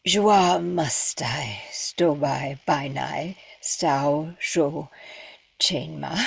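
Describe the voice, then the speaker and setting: A woman's voice: low voice, creaky, slightly rough, no room sound. A woman voice actor in a recording session, carefully repeating invented words after the director. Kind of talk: recording session chat and pronunciation practice. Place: recording studio.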